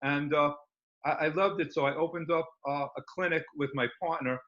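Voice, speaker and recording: A man's voice: on the high side, steady tone, moderate pace, a bit bright. Eager rambling man on a dull recording. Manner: rambling and enthusiastic, many fillers. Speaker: guest. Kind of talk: casual interview talk.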